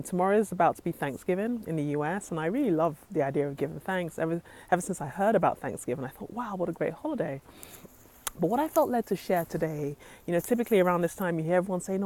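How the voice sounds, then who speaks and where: A woman's voice: fairly low pitch, a little mellow. A woman giving an earnest, faith-driven inspirational talk to her phone camera, often saying "literally". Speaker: motivational vlogger. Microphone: handheld phone camera.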